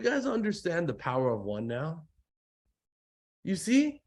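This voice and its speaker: A man leading a live online sales training with preacher-like hype, calling out for hallelujahs and breaking into sudden shouts. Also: a little high, huge pitch swings, measured pace, pauses often. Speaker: network marketing trainer.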